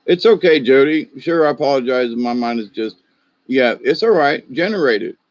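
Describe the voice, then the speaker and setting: A man's voice: mid-range voice, lively intonation, normal speed, no room sound, lo-fi sound. A middle-aged man with a Southern US drawl, hosting a casual livestream chat, rambling and chuckling as he talks to viewers by name. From American South. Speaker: livestream host.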